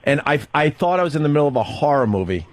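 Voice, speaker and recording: A male radio host telling a long personal story in casual talk, halting and rambling, laughing nervously through grim parts. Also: a little high, big pitch swings, no echo.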